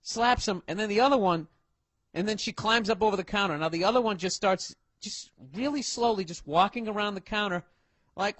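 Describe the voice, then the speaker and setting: A man telling a profane story on stage as a stand-up comedian, loud and swearing, acting out the characters he talks about. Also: sits high, animated, moderate pace, no room sound.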